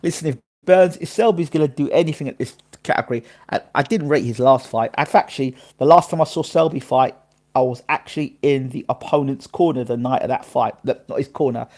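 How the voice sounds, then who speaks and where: A man hosting a casual live boxing stream, chatting his opinions and shouting out viewers by name and place. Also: mid-range voice, brisk.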